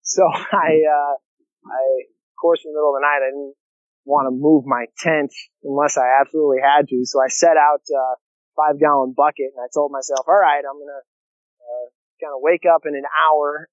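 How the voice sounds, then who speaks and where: A man's voice: a little high, fairly even intonation, moderate pace, no room sound. A man talking in a casual interview, easygoing, with many fillers and restarts. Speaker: guest, long-distance canoeist. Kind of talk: casual interview over a remote line. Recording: dull lo-fi call audio, dry.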